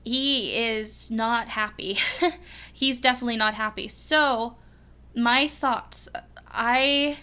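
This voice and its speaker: A young woman reacting to a series as a fan, rambling excitedly with lots of giggles and restarts. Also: a little high, clear, resonant tone. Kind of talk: casual rambling reaction vlog.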